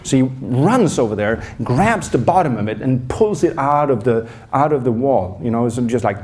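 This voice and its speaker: A man's voice: mid-range voice, unhurried. A man who works as a performance coach, telling a personal story on a conference stage with lots of restarts and self-deprecating humor. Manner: animated storyteller, acts out scenes, frequent restarts.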